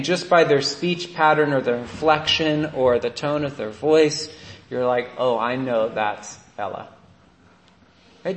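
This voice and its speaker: A priest in his thirties, his voice a bit high for a man, gives a conversational sermon in a friendly, storytelling style. He keeps slipping in "right?" to draw listeners along, and the room adds a clear echo.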